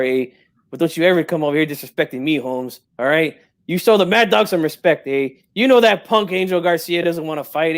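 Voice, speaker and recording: Brash old boxing dad, streetwise slang, prickly pride, slightly high voice, as a man puts him on. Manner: streetwise slang, tags every line with "eh" and "Holmes". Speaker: guest in character.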